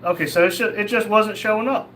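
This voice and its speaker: A man's voice: high voice, fast, bright, forceful tone, a little hiss or hum. A man hosting a casual livestream, reading chat comments aloud and answering them in a blunt, crude, joking way. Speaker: livestream host.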